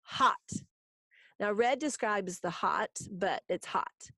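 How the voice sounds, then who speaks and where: A woman teacher giving a recorded grammar lesson, explaining each step slowly and patiently. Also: medium pitch, animated, pushed and bright, dry recording, studio quality.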